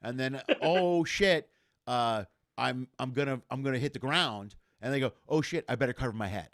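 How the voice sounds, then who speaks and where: A middle-aged man in casual chat, telling a story in an animated way and acting out the voices of the people in it. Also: mid-range voice, moderate pace, no room sound, clean studio sound. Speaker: comedian guest.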